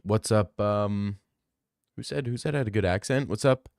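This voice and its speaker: Excitable young male streamer, dry sound. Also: on the low side, gravelly, no room sound. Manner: excitable, fast bursts, repeats himself. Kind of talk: casual chat with viewers.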